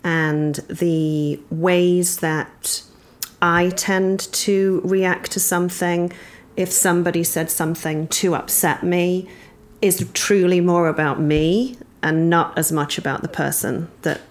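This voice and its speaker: A woman from England, a podcast guest, telling a personal story thoughtfully with many pauses and ums. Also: fairly low pitch, steady tone.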